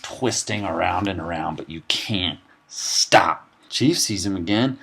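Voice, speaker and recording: A man's voice: deep voice, vocal fry, breathy edge. Sarcastic young man recapping a movie. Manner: sarcastic, deadpan asides, quick quoted character voices.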